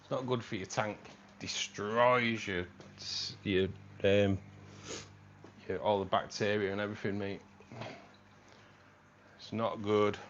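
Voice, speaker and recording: A man's voice: lowish voice, fairly even intonation, slow, pauses often, a bit bright, dull audio, slight background noise. A man hosting a casual livestream, chatting with viewers, calling them mate and reading out the chat, his voice a little tired. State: voice tiring. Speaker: livestream host. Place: home room.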